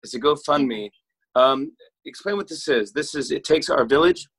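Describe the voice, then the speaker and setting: Forties man, fairly high voice, relaxed host who laughs along. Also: moderate pace, slightly rough. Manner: laid-back, laughs along, fillers. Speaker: talk show host. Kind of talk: casual interview.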